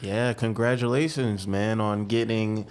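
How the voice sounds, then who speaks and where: A young man co-hosting a podcast in a studio, easygoing, cheering his partner on with quick interjections. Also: fairly low pitch, fairly even intonation, darkish tone, clean tone. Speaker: podcast co-host. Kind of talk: casual chat.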